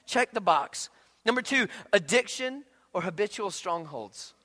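A man preaching a sermon as pastor, animated and conversational, acting out quoted asides. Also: high-pitched, measured pace. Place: church sanctuary. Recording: long hall reverb.

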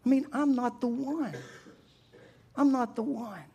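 A man's voice: very high voice, unhurried, gravelly, warm tone, breathy edge, voice pushed up, full character voice. A man doing a timid young man, raised voice, stammering, pleading, self-doubting.

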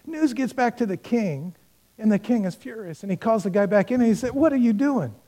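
A man's voice: sits high, fairly quick. A male pastor preaching a sermon, telling a parable with acted-out dialogue and speaking earnestly and directly to the congregation. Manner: storytelling with acted-out dialogue, swinging between loud and hushed.

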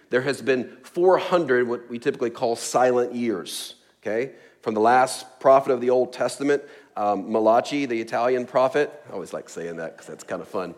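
A man preaching a sermon in a casual, joking way, with chuckles, asides and many fillers. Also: mid-range voice. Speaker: pastor.

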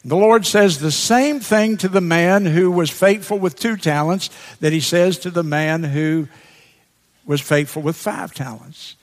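A man preaching a sermon that works through a scripture passage, speaking deliberately and repeating key words for emphasis. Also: a little high. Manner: slow, deliberate, emphatic repetition. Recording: long hall reverb.

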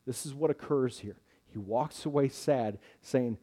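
A man's voice: medium pitch, unhurried, warm tone. A man preaching a sermon earnestly, rising with emphasis at key points.

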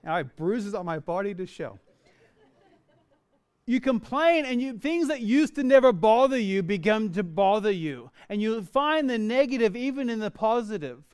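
A man's voice: sits high, very animated, normal speed, clear, resonant tone. A middle-aged male pastor preaching a sermon, earnest and dynamic, with self-deprecating humor.

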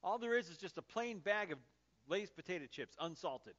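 Pastor guy in his 30s preaching, chatty storytelling w lots of "like" and "uh", highish voice. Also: normal speed, dull audio. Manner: animated storytelling with conversational fillers. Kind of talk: sermon.

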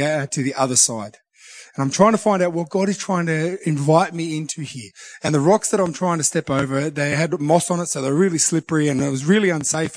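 A man's voice: on the high side, no echo. Earnest man, dry close sound. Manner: earnest, halting, with many restarts. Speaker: Christian speaker sharing a devotional. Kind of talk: personal devotional reflection.

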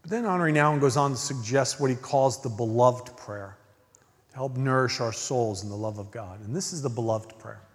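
A man preaching a sermon as pastor, earnest, swinging from emphatic questions to hushed, near-whispered lines. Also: mid-range voice, normal speed. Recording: long reverb of a large hall.

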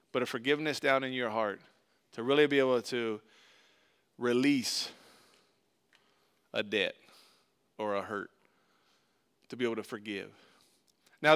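A man preaching a sermon, reading scripture and explaining it earnestly, rising loud in the story and dropping soft on key points. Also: mid-range voice, clear, resonant tone. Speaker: pastor.

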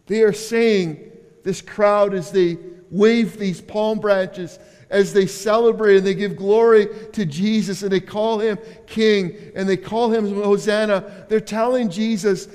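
A man preaches a sermon in a high, smooth voice. He repeats himself as he builds, with sudden loud calls and quiet asides. The sound carries a long hall reverb. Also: fairly even intonation, a little slow. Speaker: pastor.

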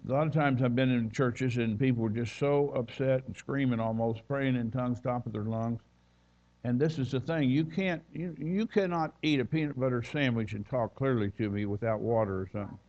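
A man's voice: medium pitch, steady tone, brisk, a little mellow, highs cut off. A man preaching as a visiting minister, telling folksy stories and reading scripture aloud. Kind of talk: sermon.

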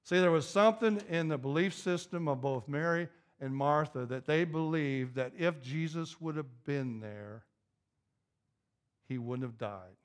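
A pastor preaching a sermon, repeating key phrases and building to an emphatic, raised intensity. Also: male voice, a little high, unhurried.

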